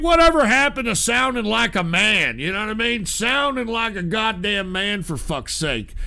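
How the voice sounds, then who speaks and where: A man's voice: sits high, vocal fry, bright, forceful tone. A man hosting a live-stream call-in show, ranting angrily with constant profanity. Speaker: host.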